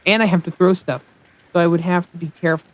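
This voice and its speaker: A man's voice: high voice, steady tone, quick pace. A man hosting a let's play, giving casual gameplay commentary and rambling aloud as he thinks, often mocking himself.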